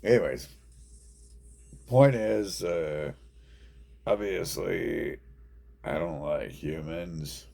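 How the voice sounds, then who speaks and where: A man with a very low, gravelly voice and a dark, heavy tone, talking slowly in a rambling monologue to camera. He mumbles and halts between phrases with a flat, deadpan delivery.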